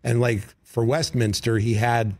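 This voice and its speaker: A middle-aged man, a comedy writer, telling stories as a guest in a studio interview, animated and breaking into voices. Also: mid-range voice, a little slow, no echo. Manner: animated, slips into character voices. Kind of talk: casual interview storytelling. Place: radio studio.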